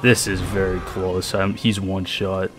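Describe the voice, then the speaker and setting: A man's voice: sits low, little pitch movement, measured pace, background noise. A man giving gameplay commentary, swearing often and muttering in exasperation. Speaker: gamer. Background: game music.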